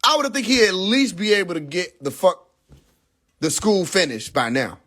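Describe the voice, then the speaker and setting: A young man hosting a livestream, ranting in a casual, profane way. He speaks, sounds incredulous and animated, and breaks into laughter often. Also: sits high, moderate pace. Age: young adult. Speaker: livestream host. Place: in a car.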